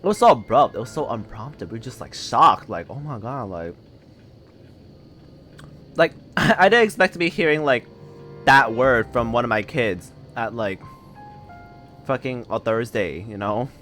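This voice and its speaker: A man's voice: medium pitch, lively intonation, unhurried, long pauses, fairly bright tone, soft background music. Rambling young man chatting on stream. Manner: rambling, filler-heavy storytelling with frequent laughs. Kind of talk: casual chat while gaming.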